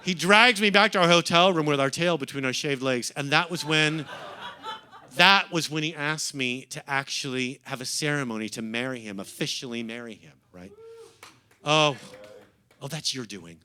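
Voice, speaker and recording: A man's voice: fairly high pitch, normal speed, bright, forceful tone. A middle-aged American man doing stand-up in a comedy club, teasing the crowd in a camp, sardonic way. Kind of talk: stand-up set, crowd work.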